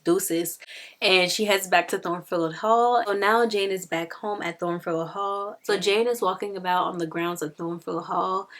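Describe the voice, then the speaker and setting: A young woman talks through a novel's plot in a relaxed, chatty review, her voice sitting a little low. She peppers her retelling with "like" and acts out the characters' quotes as she goes. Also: measured pace. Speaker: book reviewer.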